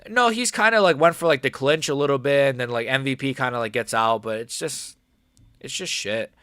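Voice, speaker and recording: A man's voice: medium pitch, a little fast, pushed and bright, no room sound, clean studio sound. A young man giving casual, profane live-stream reaction commentary, rambling and frustrated with lots of fillers. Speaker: livestreamer watching a fight.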